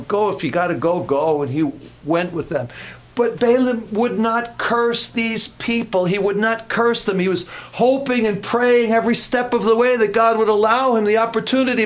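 A man's voice: high-pitched, fairly bright tone. A man preaching a sermon, earnest and repetitive, with folksy humorous asides.

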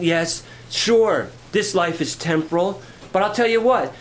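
A man preaching a sermon, shifting from quiet storytelling to rising, fervent preaching. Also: high voice, unhurried, low-quality recording. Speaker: pastor.

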